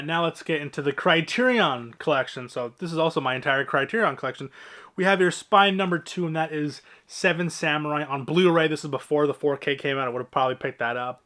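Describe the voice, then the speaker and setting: A man's voice: on the high side, fairly quick, sharp tone. A man casually walking through his movie collection, talking in a rambling, offhand way with lots of fillers and the odd swear.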